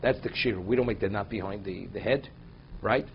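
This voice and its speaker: A man's voice: lowish voice, brisk, vocal fry, muffled recording, a little hiss or hum. Man teaching a text-based halacha class. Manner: reads Hebrew text aloud, then explains it in English. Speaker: Torah teacher.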